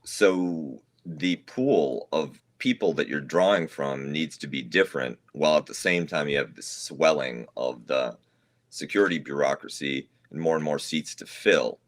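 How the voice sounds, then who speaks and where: A man's voice: rumbling low, a little slow. A man hosting a casual podcast chat, dry and sarcastic.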